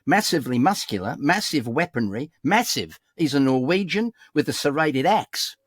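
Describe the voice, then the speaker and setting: A man's voice: a little high, big pitch swings, normal speed, dry recording, studio quality. A man, a voice actor, chatting and reading from his book in a rambling, theatrical, self-mocking way. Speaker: voice actor guest. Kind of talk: casual interview chat, reading from his book.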